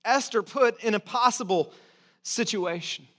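A man preaching a sermon in a conversational, emphatic way, with restarts and asides, sometimes dropping to soft encouragement. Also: high-pitched, measured pace. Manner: drops to soft, intimate encouragement. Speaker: pastor.

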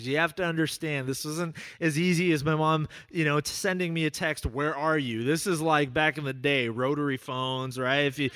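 A man's voice: on the high side, no room sound. Conversational male pastor, dry close sound. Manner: conversational storytelling, drops softly on key words. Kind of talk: sermon.

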